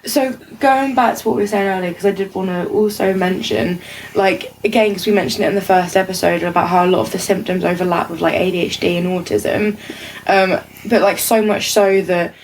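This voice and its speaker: A young woman, co-hosting a podcast in rambling casual chat, full of "like" and quick laughs. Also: medium pitch, steady tone, slight background noise, poor audio. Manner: rambling, lots of "like", laughs often. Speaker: podcast co-host.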